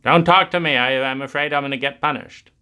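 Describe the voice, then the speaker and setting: A scared inner child, hiding under the covers and pleading in a small, withdrawn voice to be left alone. A man acts it out. The tone is bright and close, with no dramatic change from an ordinary speaking voice. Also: mid-range voice, a little fast, clear, resonant tone, lightly acted.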